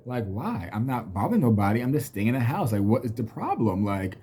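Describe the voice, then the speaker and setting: A man's voice: mid-range voice, animated, brisk, hardly any pauses, mellow, slightly rough. A man in his thirties telling a personal story in a blunt, profane, venting way. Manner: blunt and profane, venting, slips into mocking quoted voices. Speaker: vlogger. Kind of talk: casual storytelling rant to camera.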